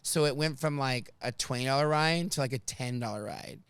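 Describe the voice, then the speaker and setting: A man's voice: medium pitch, brisk. A man hosting a comedy podcast who tells driving stories and acts out the people in them. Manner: animated, acts out quotes in voices. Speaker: podcast host and rideshare driver. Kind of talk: comedic storytelling chat.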